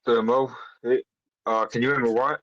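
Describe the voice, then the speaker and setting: A man calling in to a live show, calm and resigned in a matter-of-fact way. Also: mid-range voice, normal speed, no room sound, lo-fi sound. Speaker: caller. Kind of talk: casual call-in chat.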